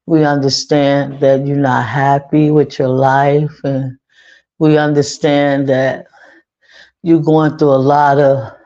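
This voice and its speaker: Woman talking on a livestream, slow and earnest, keeps repeating herself, mellow voice, kinda dull lo-fi sound. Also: extremely low pitch, flat delivery. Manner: earnest, repeats phrases for emphasis. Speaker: livestream host. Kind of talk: casual livestream monologue.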